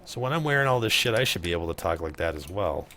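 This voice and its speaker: Low-voiced male streamer, profane and sarcastic, chatting with viewers over a noisy desk setup. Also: animated, fast, bright, forceful tone. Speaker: streamer playing a game. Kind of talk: casual let's play commentary.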